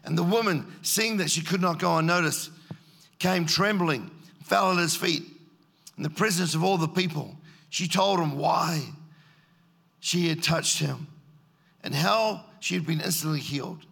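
A man's voice: fairly high pitch, measured pace, vocal fry, fairly bright tone, husky. A man preaching a sermon, telling the story and acting out its scenes in character voices. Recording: echoey hall.

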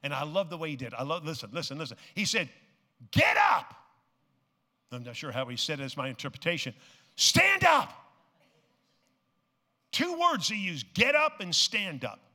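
Male preacher, bright ringing tone, dramatic hush-to-shout delivery and repeated refrains, in a reverberant sanctuary. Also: fairly high pitch, big pitch swings, fast talker, hardly any pauses. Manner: dramatic, swings from hushed to shouting; repeats phrases for emphasis. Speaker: pastor. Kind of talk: sermon. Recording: long reverb of a large hall.

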